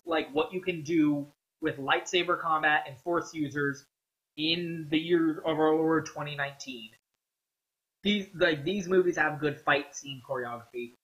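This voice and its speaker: A man's voice: a little high, fairly bright tone, poor audio. A man ranting casually about a movie, rambling and profane, with many fillers and strong opinions. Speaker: vlogger.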